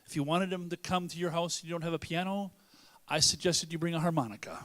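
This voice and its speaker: A man emcees a charity auction at a fundraiser. His voice sits somewhat high. He jokes, rambles and cuts himself off to restart. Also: fairly even intonation, fast, fairly bright tone. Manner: joking, rambling, self-interrupting. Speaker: event emcee. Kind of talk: casual emcee banter. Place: church hall fundraiser.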